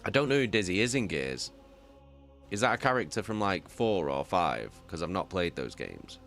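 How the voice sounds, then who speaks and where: Very deep-voiced man chatting loudly, swearing. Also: normal speed, gravelly, faint music behind. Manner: animated, swearing often, repeats himself. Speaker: audiobook reader and streamer. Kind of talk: casual chat with live viewers.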